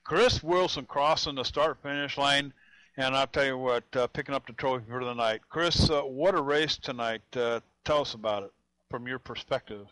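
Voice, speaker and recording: Man, folksy race commentator, dry close sound, mid-pitched voice. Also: moderate pace, fairly bright tone, dry recording, rough recording. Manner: folksy, repeats "I'll tell you what". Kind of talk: sim racing play-by-play commentary.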